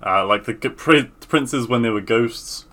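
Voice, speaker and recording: Guy on a podcast, chatty, swears a bit, kinda bright sharp voice. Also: mid-range voice, measured pace. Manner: loose, swears casually, trails off mid-sentence. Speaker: podcast co-host. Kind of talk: casual chat.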